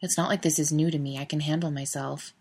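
A woman reading the lines of a young adult man, calm, quiet and reassuring. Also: sits low, fast, slightly rough. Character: young adult man, guarded but trusting lover.

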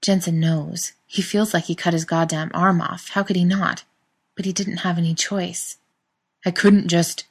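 A woman reading a story aloud in a steady narrating voice. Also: fairly low pitch, normal speed, husky. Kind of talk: scripted narration.

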